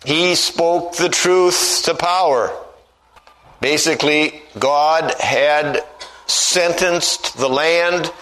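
A man's voice: fairly high pitch, drawn-out words, fairly bright tone, low-quality recording. A man preaching a sermon who tells stories and acts out the voices he quotes, and reads scripture in old-fashioned wording.

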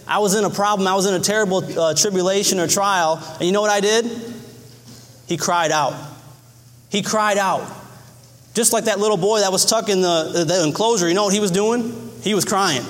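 Earnest high-voiced preacher in a reverberant hall. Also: male voice, fairly bright tone. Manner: earnest, repeats phrases, acts out cries in a high voice. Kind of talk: sermon.

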